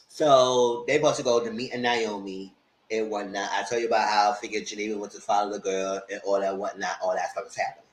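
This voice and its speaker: A man hosting a casual live TV recap, animated, jumping into loud high-pitched quotes of the characters. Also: a little fast. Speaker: TV review host. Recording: roomy echo.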